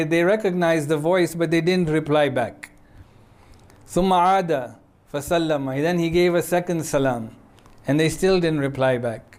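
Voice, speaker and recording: This man preaches by telling a story in an easygoing, conversational manner, often stopping to check in with listeners with a "yeah?" His voice is slightly high for a man, and he rattles off brief Arabic quotations swiftly before explaining them.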